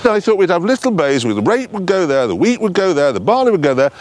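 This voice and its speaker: A man's voice: sits high, sing-song, quick pace, darkish tone, a little hiss or hum. A man, a farmer, defensively protesting in a casual argument.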